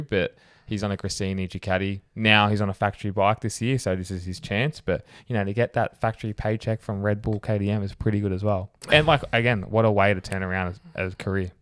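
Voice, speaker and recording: Young man, low smooth voice. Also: a bit bright, no room sound, clean studio sound. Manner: rambling, full of "like" and "you know" fillers. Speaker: podcast co-host. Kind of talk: casual motorsport chat.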